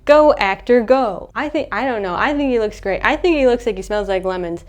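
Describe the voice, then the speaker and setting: A young woman casually recapping a movie in a chatty, animated way, acting out the characters' lines. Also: mid-range voice, fast. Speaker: movie reviewer.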